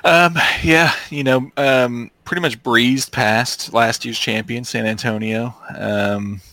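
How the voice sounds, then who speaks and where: A man's voice: lowish voice, sharp tone, no echo. A man co-hosting a casual football podcast, laid-back and hesitant, with many ums. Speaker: podcast co-host. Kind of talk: casual sports chat.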